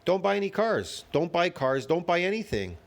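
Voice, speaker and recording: A man's voice: high voice, very animated, normal speed, gravelly. Emphatic ranting man. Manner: emphatic, repetitive, rhetorical questions. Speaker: commentator reacting to a video. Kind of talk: ranting commentary.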